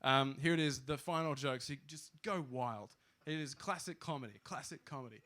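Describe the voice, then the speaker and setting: A man's voice: fairly high pitch, brisk, hardly any pauses, sharp tone. A young Australian man from Queensland telling a rambling, self-deprecating stand-up story with lots of fillers. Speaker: stand-up comedian.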